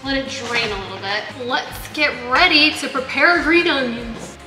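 A woman's voice: high-pitched, expressive, normal speed. A young woman chatting to viewers in a casual cooking vlog, a bit frantic as she cooks in her kitchen. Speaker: vlogger. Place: home kitchen. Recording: echoey kitchen with long reverb. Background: soft background music.

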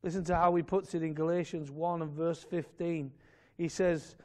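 A man preaching a fervent sermon in a church, swelling to loud emphatic peaks and dropping to quiet asides. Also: a little high, fairly even intonation, normal speed. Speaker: pastor.

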